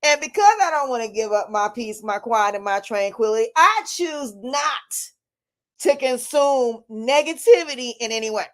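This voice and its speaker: A woman speaks straight to her camera in a casual vlog. Her voice sits high, and she sounds defiant and emphatic. She circles back over the same points and breaks into laughs. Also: expressive, moderate pace. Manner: defiant, emphatic, repeats herself, laughs often. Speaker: vlogger, life coach.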